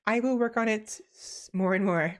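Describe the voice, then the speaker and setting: A young woman streaming as a VTuber, a naturally fast talker consciously slowing down to enunciate, often sighing and laughing softly between phrases. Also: medium pitch. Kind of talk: casual stream chat.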